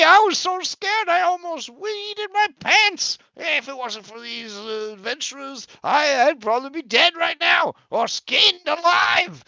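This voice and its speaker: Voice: vocal fry, pushed and bright, dry recording, full character voice. A game master voicing a panicky male accountant who shrieks frantic accusations. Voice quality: shrill, screaming.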